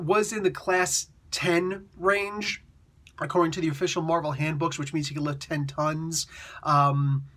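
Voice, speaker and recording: Man, comic reviewer, casual chat, animated, fairly high voice. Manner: animated, acts out characters in quick voices; chatty, with many fillers and restarts.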